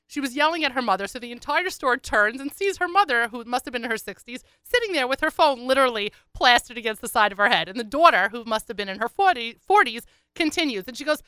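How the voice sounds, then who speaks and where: A woman radio host and columnist telling a funny story in a chatty, animated way. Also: fairly high pitch, fast talker, hardly any pauses, smooth, dry recording. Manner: animated, chatty, laughing asides. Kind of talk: comic storytelling.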